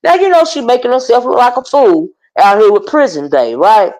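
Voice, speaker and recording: A chatty woman host with a drawl talks straight to her live viewers and calls them by name. She rides up and down through a wide, lively range, and her voice sits a little high. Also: moderate pace, rough recording. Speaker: commentary channel host. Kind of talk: casual commentary on online drama.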